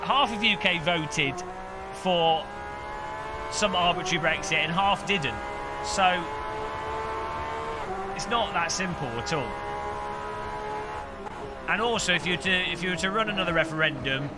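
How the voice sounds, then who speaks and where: High-voiced man streaming a racing game. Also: animated, a little slow, long pauses. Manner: rambling, chatty, reads and answers chat. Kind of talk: casual live-stream chat while sim racing. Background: loud game music and car engine sounds.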